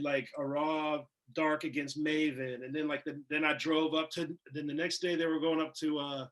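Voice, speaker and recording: A man telling casual, animated stories in an interview, swearing and laughing as he goes. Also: a little high. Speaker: wrestler guest. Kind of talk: casual storytelling in a shoot interview.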